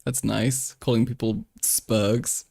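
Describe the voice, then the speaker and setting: Joking streamer with a dry close sound. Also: male voice, mid-range voice, fairly even intonation, slow pace, gravelly, a little mellow, no echo. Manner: joking, swearing, switches into mock French. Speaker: streamer reacting to a video. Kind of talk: casual live-stream commentary.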